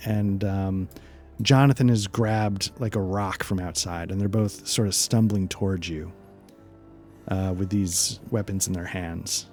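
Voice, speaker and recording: A man narrating as game master, relaxed and hesitant, with frequent fillers. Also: deep voice, unhurried, soft background music.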